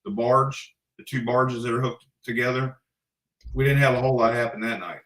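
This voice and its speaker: A man's voice: mid-range voice, fairly even intonation, normal speed, a bit bright. A man, a paranormal investigator and podcast guest, talking in a blunt, easygoing, plain-spoken way. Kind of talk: casual podcast chat. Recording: echoey room.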